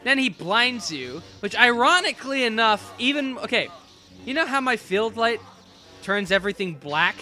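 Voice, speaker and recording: Male gaming commentator, sarcastic and self-mocking, high and bouncy voice. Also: expressive, normal speed, sharp tone, soft background music. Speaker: let's play host. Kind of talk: casual gameplay commentary.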